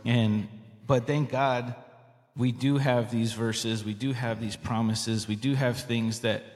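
A man's voice: mid-range voice, fairly even intonation, takes it slowly, a little mellow. Earnest rambling man, reverberant room. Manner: earnest, rambling, heavy use of 'like'. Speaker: podcast co-host. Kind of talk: casual faith discussion.

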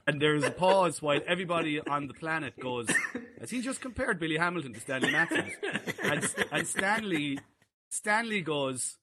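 A man telling a story in a casual podcast chat, animated and laughing. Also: a little high, normal speed, a little hiss or hum. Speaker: podcast co-host.

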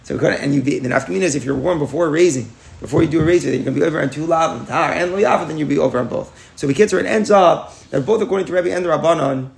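Fast, gravelly Talmud teacher. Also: male voice, a little high. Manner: explains aloud with rhetorical questions, mixes Hebrew and Yiddish terms. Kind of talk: daily Talmud class lecture.

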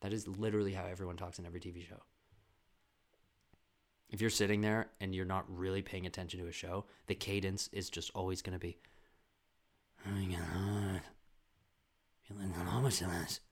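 A man hosting a podcast, delivering a comedic rant with animated, loud outbursts and swearing. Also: low-pitched, fast. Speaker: podcast host.

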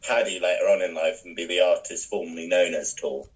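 A young man co-hosting a casual podcast, telling animated, sweary stories. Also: low-pitched, a little fast, rough recording. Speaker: podcast co-host. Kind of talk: casual chat, storytelling.

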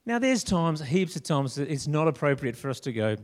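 Male preacher, lively sermon with slangy character voices, high-ish voice, big reverberant hall. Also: a little fast. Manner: animated, acts out Bible characters with slang.

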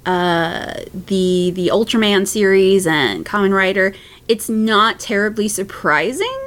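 A woman guest on a chat podcast who talks at an unhurried pace. Her pitch swings widely and she laughs a lot, with many fillers between thoughts. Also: fairly bright tone. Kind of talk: casual chat.

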